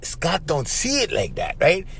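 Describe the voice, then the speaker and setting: Man, hawaiian pidgin accent, podcast host, casual storytelling, high-pitched, very lively intonation. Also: unhurried, vocal fry, husky. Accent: Hawaiian Pidgin-tinged English. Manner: animated, keeps saying "bro" and "right?".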